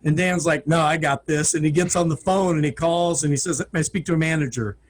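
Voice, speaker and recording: Male guest, somewhat high voice, matter-of-fact storyteller. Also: steady tone, fast talker. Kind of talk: casual storytelling chat.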